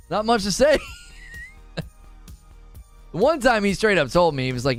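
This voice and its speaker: A man's voice: fairly high pitch, huge pitch swings, unhurried, long pauses, faint music behind. A man streaming, chatting casually with viewers in a rambling, laughing manner. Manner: rambling, self-interrupting, laughs often.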